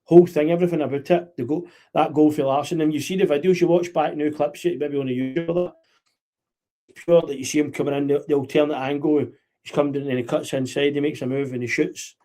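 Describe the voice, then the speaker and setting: A Scottish man hosting a podcast, telling animated football stories in casual chat, full of fillers and restarts. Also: on the high side, brisk. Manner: animated storyteller with many fillers. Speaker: podcast host.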